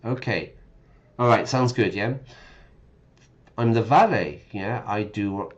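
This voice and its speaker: A man's voice: lowish voice, slow pace, dull audio. A man reading game text aloud and patiently explaining words to English learners, often checking in with listeners. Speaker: English teacher streaming a game.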